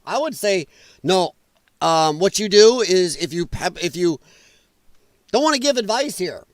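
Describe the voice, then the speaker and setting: A man's voice: high voice, very animated, a little slow, dry recording. A middle-aged American man from the Midwest hosting a political commentary stream, ranting with profanity and sarcasm. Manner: profane, sarcastic, mocking mimicry of others.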